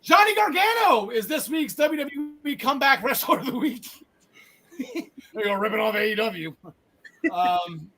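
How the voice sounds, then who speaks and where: Male podcast host, high-pitched, rambling, quick to joke and self-correct. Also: bright, forceful tone, rough recording. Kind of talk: casual wrestling podcast chat.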